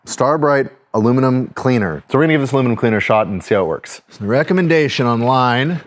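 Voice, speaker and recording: A man in his thirties hosting a casual project vlog, chatty and excitable as he thinks out loud while working on a boat. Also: medium pitch, quick pace. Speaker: DIY boat restorer and channel host.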